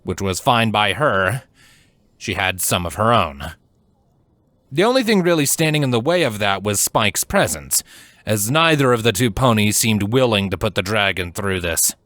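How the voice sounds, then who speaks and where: A man reading fan fiction aloud as scripted narration, measured and steady. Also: lowish voice, no room sound. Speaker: fanfiction reader.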